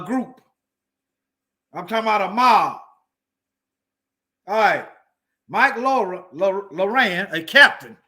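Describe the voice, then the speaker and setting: Male online commentator, high bright voice, heated and preachy, repeats himself for emphasis. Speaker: commentator reading news. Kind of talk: heated commentary on news articles.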